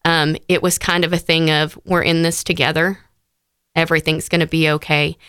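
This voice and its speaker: A woman's voice: low voice, flat delivery, moderate pace, fairly bright tone, smooth, dry recording, clean studio sound. A woman, an interview guest sharing a personal story in heartfelt detail, with frequent fillers.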